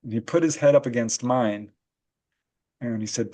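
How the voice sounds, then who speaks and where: Speaking at a moderate pace in a middle-pitched voice, a man who is a paranormal researcher and author shares stories as a podcast guest. He's lively and laughs a lot, keeping the talk relaxed and conversational.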